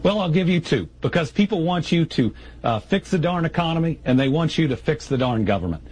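A man's voice: fairly high pitch, lively intonation, brisk, darkish tone, slightly rough, low-quality recording. A male governor answering in a television interview in a plain, folksy way. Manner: folksy, plain-spoken politician. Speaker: state governor.

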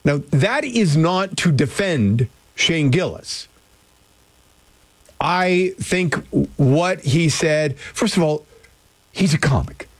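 A man's voice: fairly high pitch, expressive, slow pace, no echo. A man hosting talk radio, chatty and opinionated. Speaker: radio host. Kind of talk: casual talk radio chat. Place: radio studio.

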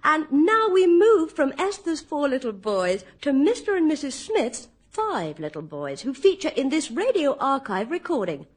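A woman's voice: high voice, sing-song, normal speed, hardly any pauses. A woman presenting a comic TV segment, delivering her script playfully with laughter. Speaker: TV show presenter.

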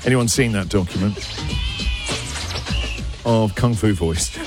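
A man's voice: lowish voice, music in the background. A man hosting breakfast radio, teasing and chatty. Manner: jokey, teasing, quick asides. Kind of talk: casual radio banter.

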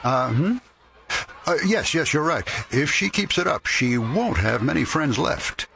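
A middle-aged man in a radio drama, talking gently and warmly with an orphaned child and chuckling often. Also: a little high, expressive, measured pace, creaky, heavily acted. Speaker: grieving man befriending an orphan.

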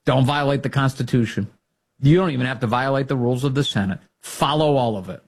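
A man's voice: mid-range voice, quick pace, breathy edge. A man hosting a political talk show, giving emphatic, rallying commentary and repeating phrases for punch. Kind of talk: opinionated commentary.

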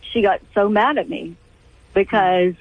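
A middle-aged woman calling in to a radio show, telling a family story in halting, restarting sentences. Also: medium pitch, no echo. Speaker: caller. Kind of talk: call-in radio conversation. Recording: tinny phone line, dry.

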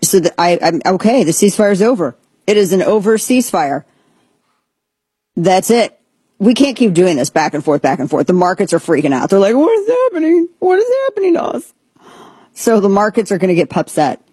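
A woman's voice: on the low side, animated, a little fast, mellow, breathy edge, no echo. A woman hosting a political talk show, giving rambling, sarcastic and exasperated commentary.

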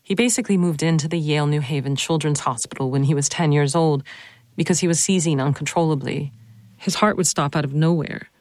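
A narrator and host telling a personal family story, then questioning their mother, earnest and slowing down to stress points. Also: mid-range voice, a little mellow, no echo, clean studio sound. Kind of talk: reflective personal narration and interview.

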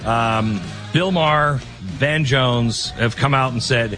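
A man's voice: medium pitch, slow, fairly bright tone, soft background music. A middle-aged man hosting a talk radio show, speaking in a conversational, rambling way and often restarting his sentences. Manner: conversational, rambling, self-interrupting. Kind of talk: talk radio monologue with live ad read.

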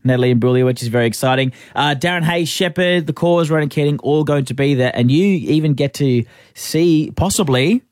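Male breakfast host, fairly high voice, quick promo read. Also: a little mellow, no echo, studio quality. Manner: brisk, promotional delivery. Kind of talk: upbeat radio presenting. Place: radio studio. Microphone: studio microphone.

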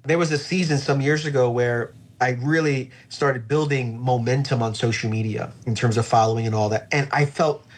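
A man's voice: mid-range voice, steady tone, normal speed, few pauses, breathy edge. A middle-aged male pastor talking in a reflective, earnest way with frequent fillers during an interview. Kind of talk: conversational podcast interview.

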